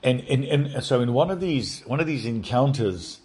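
A man telling a personal spiritual testimony in an earnest, halting way, often restarting and repeating words. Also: mid-range voice, expressive, darkish tone, slightly rough. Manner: earnest, addresses listeners directly. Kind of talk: rambling first-person testimony.

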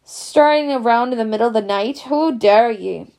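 A woman's voice: a little high, moderate pace, creaky, a little mellow. A woman voicing a stern older teacher who scolds and roars. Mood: furious. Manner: roaring, scolding.

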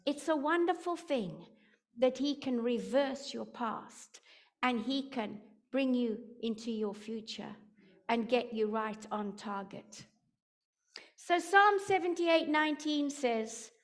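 A woman preaching a sermon, telling a personal story with dramatic build-ups that rise to shouting. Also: high-pitched.

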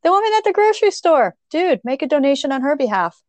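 A woman co-hosting a casual podcast, with a voice a little higher than most. She talks with relaxed enthusiasm and emphasis. The sound is close and dry. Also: fast talker, no echo. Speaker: podcast co-host. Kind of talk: casual chat.

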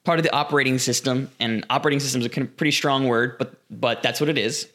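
Bright-voiced man explaining casually. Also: mid-range voice, fairly even intonation, fast talker. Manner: explanatory, chatty. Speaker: podcast co-host. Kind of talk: casual chat.

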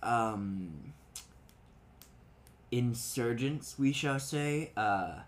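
A man at a mid pitch narrates a tabletop game as game master, slow and halting, full of fillers and quick laughs. A faint hiss of room noise sits under his voice. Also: expressive. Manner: hesitant, many fillers, laughs often.

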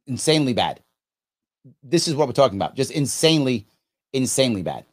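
A man's voice: medium pitch, sing-song, fairly quick. A man in his fifties reacting to viewer comments, indignant and emphatic, repeating lines for effect. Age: 50s. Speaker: podcast host reacting to comments.

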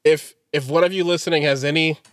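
A man's voice: a little high, fairly even intonation, quick pace, no room sound, studio quality. A man co-hosting a podcast, rambling and joking in casual chat, laughing often. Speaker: podcast co-host.

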